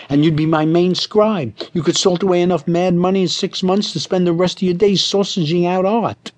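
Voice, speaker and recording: A man reading a humorous audiobook and voicing a pushy movie producer who talks in brash, fast sales pitches full of Yiddish slang. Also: darkish tone, natural voice.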